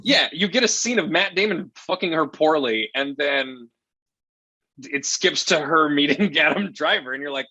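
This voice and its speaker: A man's voice: on the high side, animated, normal speed, sharp tone, slightly rough, no echo, muffled recording. A man reviewing a film in casual chat, rambling and profane, often exasperated.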